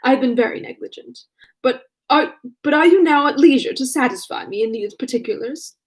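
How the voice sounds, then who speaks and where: A woman reading aloud and voicing a witty, teasing young gentleman with mock-formal manners. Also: high voice, fairly quick, close to an everyday voice. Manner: mock-formal, then simpering when he affects a pose.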